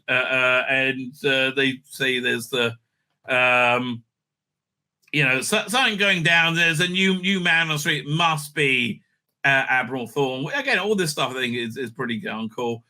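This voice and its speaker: A man's voice: medium pitch, moderate pace, sharp tone. A man giving a casual, rambling episode recap and review, full of fillers and crude jokes.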